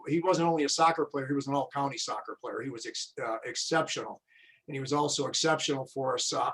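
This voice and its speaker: A man's voice: a little high, rough recording. A man hosting an interview as a coach, chatting in long, rambling anecdotes. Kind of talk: casual interview.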